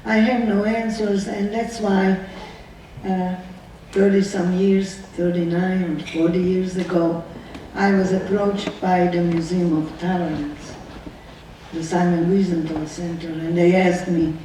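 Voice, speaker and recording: Slow, earnest woman in her nineties. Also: lowish voice, level tone, dark tone, a little hiss or hum. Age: 90s. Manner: slow, earnest storytelling full of rhetorical questions. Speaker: survivor speaker. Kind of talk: personal testimony talk. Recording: distant echoey hall recording, faint ambience.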